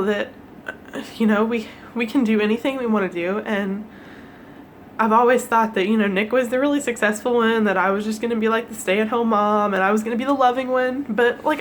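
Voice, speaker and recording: A young woman from the United States, teary and emotional, talking haltingly with nervous laughs in a personal vlog. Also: fairly high pitch, slight background noise. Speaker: vlogger.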